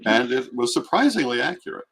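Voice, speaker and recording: A middle-aged man telling stories in a reflective, relaxed chat. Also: medium pitch, fairly quick, breathy edge. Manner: reflective, storytelling. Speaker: guest. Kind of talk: casual chat.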